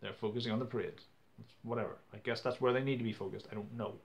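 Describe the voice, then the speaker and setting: A man's voice: medium pitch, steady tone, rapid-fire, gravelly. A young man, ranting to camera in a casual vlog, exasperated, with many stumbling restarts. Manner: exasperated, stumbling restarts, acts out quoted people loudly. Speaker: vlogger.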